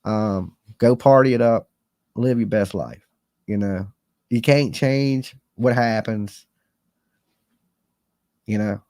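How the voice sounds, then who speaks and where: A man's voice: lowish voice, slow pace, long pauses, a little mellow, no echo. Earnest rambling man, dry close sound. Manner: rambling, earnest, folksy with slang. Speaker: live-stream host. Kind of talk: casual live-stream chat.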